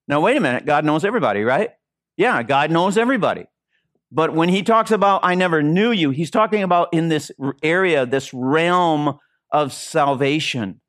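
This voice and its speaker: A man's voice: fairly high pitch, normal speed, a bit bright, no room sound, studio quality. A man preaching a sermon as interim pastor, earnest and repeating phrases for emphasis. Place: church.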